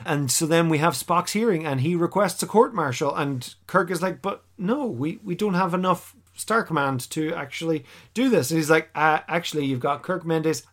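Man, podcast co-host, casual recap, slightly high voice, lively, mimics characters. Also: moderate pace, hardly any pauses. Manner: animated, acts out characters' lines mid-recap.

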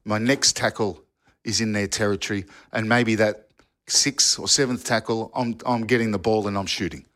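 A former footballer telling old yarns in a casual podcast chat, rambling with restarts and asides. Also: male voice, lowish voice, steady tone, normal speed, fairly bright tone. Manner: rambling storyteller with restarts and "you know". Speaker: football pundit, former player.

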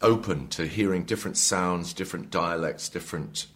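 A man in his fifties with an English accent, an actor being interviewed in a hotel room, joking in a dry, deadpan way with halting restarts. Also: deep voice. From England. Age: 50s. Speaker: actor guest.

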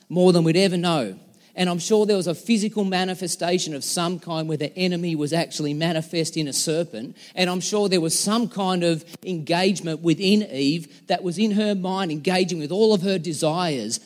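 A man preaching a conversational, emphatic sermon with dramatic pauses as a pastor. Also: a little high. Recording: long hall reverb.

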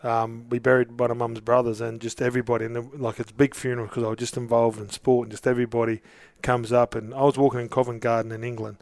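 A middle-aged Australian man, appearing as an interview guest, tells long casual anecdotes that ramble with many restarts. His mid-range, darkish voice stays level and quick with hardly any pauses, and there's no room sound.

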